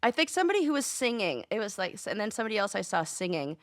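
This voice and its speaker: Brief: playful woman co-host, lively swinging pitch, dry close mic. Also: fast talker, dry recording. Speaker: podcast co-host. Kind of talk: casual chat.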